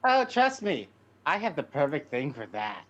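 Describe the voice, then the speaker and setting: High-voiced man playing a tabletop game. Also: huge pitch swings, normal speed, a bit bright, muffled recording. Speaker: player.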